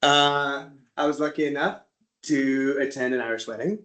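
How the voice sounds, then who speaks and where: A man from the United States, with a voice of ordinary middle pitch, gives a relaxed slide-show talk to a group. He tells his stories in a chatty way and acts out little back-and-forth exchanges as he goes. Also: moderate pace. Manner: chatty storyteller who acts out little dialogues. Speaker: presenter at an interest group talk.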